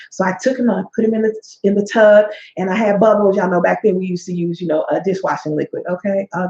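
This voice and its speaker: A woman's voice: medium pitch, steady tone, fast talker, few pauses, mellow. Sassy woman coach, echoey room. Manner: sassy, preachy, tells stories with acted-out quotes. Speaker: life coach and show host. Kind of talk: motivational talk to camera. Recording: echoey, dull-sounding room.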